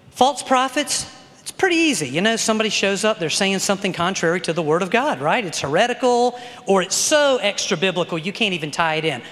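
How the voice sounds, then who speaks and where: A middle-aged male pastor preaching with a notably high voice, talking to his congregation in a loose, conversational way and often checking in with quick tag questions. The sound carries a long, trailing reverb, like a big hall. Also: a bit bright. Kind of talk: sermon.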